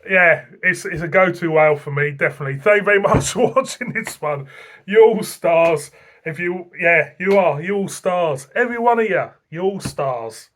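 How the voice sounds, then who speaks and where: A man's voice: high-pitched, brisk, few pauses, bright, forceful tone. A man from Britain gushing in a casual beer review vlog, repeating himself and laughing often. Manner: enthusiastic, repetitive, laughing often.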